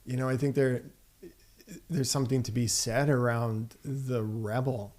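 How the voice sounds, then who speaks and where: A man from Saskatchewan, guesting on an interview show, speaks at an ordinary middle pitch. He reflects aloud in a measured way. He keeps pausing on a rhetorical "right?". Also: steady tone, darkish tone. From Saskatchewan, Canada.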